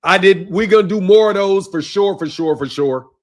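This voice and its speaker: High-voiced man ranting on a boxing livestream. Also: normal speed. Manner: profane, laughing, repeats "bro". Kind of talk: casual livestream rant.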